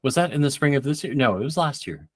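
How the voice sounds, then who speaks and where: Man, podcast co-host, stammering restarts, mid pitch, dry close mic. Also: lively intonation, fairly bright tone, dry recording. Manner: halting, repeats words. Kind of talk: casual chat.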